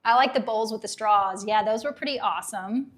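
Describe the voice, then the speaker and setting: A woman in her thirties runs a live unboxing stream, chatting casually at a brisk pace in a mid-range, fairly bright voice. She reads viewers' comments with nostalgic enthusiasm while her voice grows a little hoarse and starts to fail.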